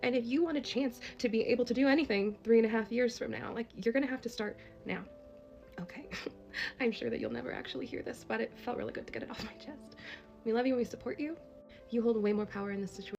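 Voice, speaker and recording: A woman's voice: on the high side, fast, gravelly, a little mellow, faint music behind. A woman making an impassioned, emotional direct-to-camera plea as a social media creator, laughing through tears.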